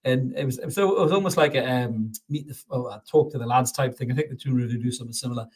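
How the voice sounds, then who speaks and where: Sweary, laughing football podcaster. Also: male voice, medium pitch, quick pace, breathy edge. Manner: chatty and sweary, laughs often, many restarts. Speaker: podcast host. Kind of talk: casual football podcast chat. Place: home studio, podcast.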